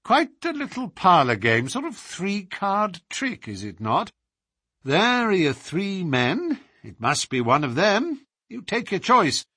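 A man voicing a calm, incisive middle-aged detective who speaks in a measured, commanding way. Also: high voice, slightly rough, dry recording, studio quality, voice pushed up, exaggerated voice. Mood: musing.

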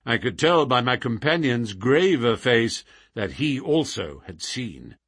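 A male narrator reads classic fiction aloud with expressive, dramatic delivery. His slightly husky voice swings widely in pitch, and the recording is dry and close. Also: unhurried, dry recording. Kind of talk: audiobook reading of classic fiction.

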